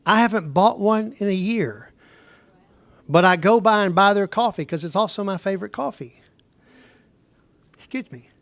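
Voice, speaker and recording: Bible teacher guy, middle-aged, pretty high voice, chatty and wandering, asks the class stuff, dry close sound. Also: normal speed, pauses often, a bit bright, no echo. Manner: conversational, digressive, asks the class questions. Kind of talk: Bible lesson lecture.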